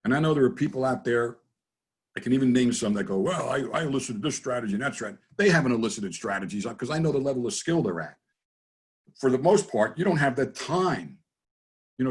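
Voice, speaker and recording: Husky guy on a video call, rambling jokey stories, lots of restarts. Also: mid-range voice, expressive, a little fast. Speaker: guest, business trainer. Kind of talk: casual storytelling in a webinar interview.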